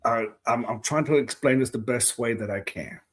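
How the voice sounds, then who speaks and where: A man's voice: mid-range voice, normal speed. A man co-hosting a podcast in casual chat, playful and fond of jokey exaggeration. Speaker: podcast co-host.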